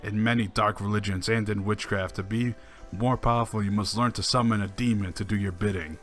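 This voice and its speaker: A man with a fairly low voice reads forum posts out loud, then answers them with dry, sarcastic remarks. He chuckles now and then between the quotes. Soft background music runs underneath. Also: steady tone, a little fast. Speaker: online commentator. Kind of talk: reading forum posts aloud with sarcastic commentary.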